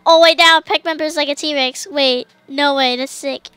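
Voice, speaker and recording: Very high-pitched gamer woman, bright sharp voice that jumps to yelling at the game, dry close sound, talks at the screen like the creatures can hear her. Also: moderate pace, dry recording, faint music behind. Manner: excitable, yells commands at the game. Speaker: gamer streamer. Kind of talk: casual let's play commentary.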